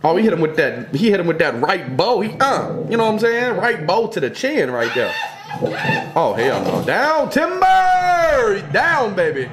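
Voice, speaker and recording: Animated, profane young man reacting. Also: a little high, moderate pace, background noise. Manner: profane, exclaiming, joking slang-heavy banter. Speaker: YouTuber reacting to funny clips. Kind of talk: casual reaction commentary.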